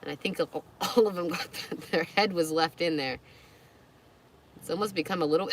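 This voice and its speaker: A woman's voice: mid-range voice, brisk, a little hiss or hum. A woman live streaming, chatting casually and talking to her dogs, with squeamish outbursts.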